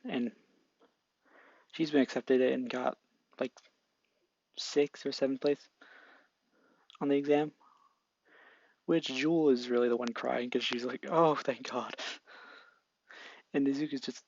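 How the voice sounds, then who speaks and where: A young man narrating an improvised fan story in a halting, casual way with many restarts. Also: medium pitch, fairly bright tone, dry recording. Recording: dull lo-fi mic.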